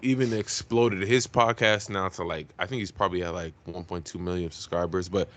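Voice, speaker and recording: Man, low voice, casual podcast chat, slangy, enthusiastic. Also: fairly even intonation, fairly quick. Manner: enthusiastic, gives shout-outs, uses slang. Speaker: podcast co-host.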